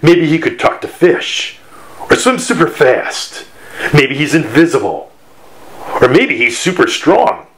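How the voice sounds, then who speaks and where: A man's voice: a little high, sing-song, measured pace, a bit bright, slight background noise. A man from Michigan, a children's author, giving an educational talk for children in a teacherly, playful way with puns.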